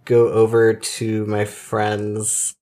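A man's voice: on the low side, completely flat delivery, extremely slow, mellow. A man playing a tabletop game, hesitant and full of fillers as he decides his moves. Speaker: player. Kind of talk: casual chat.

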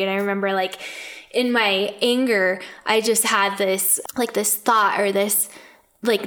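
A woman in her thirties shares home stories on a podcast in a loose, conversational way. She fills her sentences with "like" and "you know" and laughs often. Her voice sits at an ordinary pitch for a woman. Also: fairly bright tone. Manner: chatty, many "like" fillers, laughs often. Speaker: podcast co-host, adoptive mother. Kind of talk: casual storytelling.

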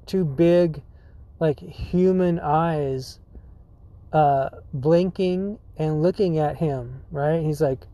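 Rambling high-voiced podcast guy. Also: very slow, dark tone, dry recording. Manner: rambling, full of likes, dudes and swearing; laughs often. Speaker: podcast host. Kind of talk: casual storytelling.

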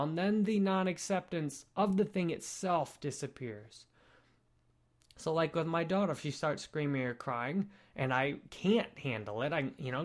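A young man speaks calmly to his camera at home, with a voice that sits a little higher than most men's. He talks in an earnest, reflective way and explains his ideas gently and patiently. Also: measured pace. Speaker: spiritual vlogger.

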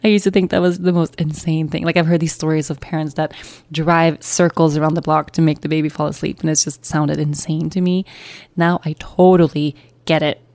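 A woman's voice: sits low, flat delivery, brisk, a little mellow, no echo. A young woman and new mother candidly telling a personal story in a chatty, emotional way. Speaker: podcast host.

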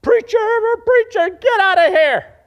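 A man doing a frantic shrill wife. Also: lively intonation, normal speed, darkish tone, husky. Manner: panicked, shrill pleading. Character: frantic wife warning of armed husband.

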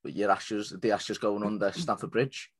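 A man's voice: fairly low pitch, moderate pace, breathy edge. A man hosting a podcast in casual interview chat, friendly and easily impressed by his guest. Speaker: podcast host. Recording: noisy podcast recording.

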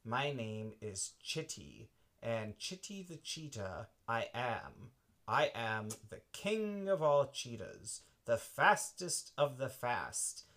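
Friendly boastful cheetah king from a bedtime tale, drawn-out proud delivery, a man doing it. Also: mid-range voice, fairly bright tone. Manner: slow, proud self-introduction.

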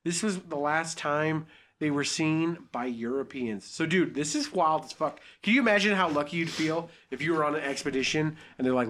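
A man's voice: a little high, brisk, fairly bright tone, slight background noise. A young man hosting a podcast, reading a story aloud and joking crudely along the way. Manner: crude, joking, riffs off the script.

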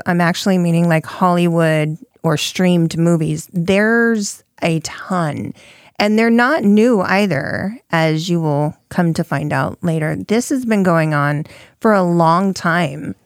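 A woman co-hosting a podcast, chatting in a relaxed, conversational way with plenty of fillers. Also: fairly low pitch, no echo, studio quality. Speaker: podcast co-host. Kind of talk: casual chat.

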